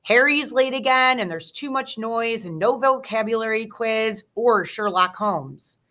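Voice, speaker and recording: Woman voicing a squeaky anxious hamster. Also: unhurried, bright, forceful tone. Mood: worried. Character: small excitable male classroom hamster.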